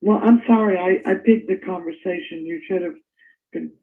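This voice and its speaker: An older woman telling stories in a casual interview, animated and laughing as she recalls. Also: fairly low pitch, normal speed. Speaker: interview guest. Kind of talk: casual storytelling. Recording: tinny phone-like line.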